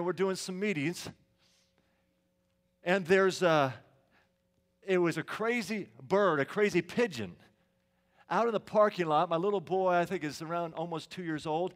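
A middle-aged male pastor preaching a sermon in a church sanctuary, telling stories conversationally and asking the congregation questions. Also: high voice.

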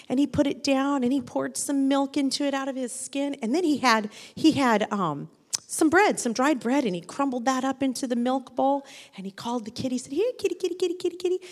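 A woman with a high voice spins a gentle tale for children, pausing to ask her young listeners questions. Her voice rings out with a long reverberant tail, as if in a large hall. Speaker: storyteller to children. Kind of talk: children's storytelling.

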